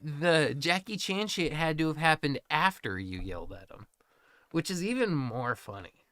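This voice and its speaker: Young man, podcast co-host, rambling swearing storyteller, lively pitch, dry close sound. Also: moderate pace, dry recording. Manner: rambling, swearing, laughing through stories. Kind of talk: casual storytelling chat.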